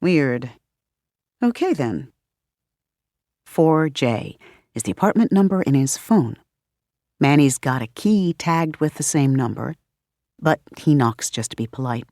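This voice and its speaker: A woman narrating an audiobook in a measured, expressive reading style. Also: low-pitched, no room sound, studio quality. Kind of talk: scripted narration.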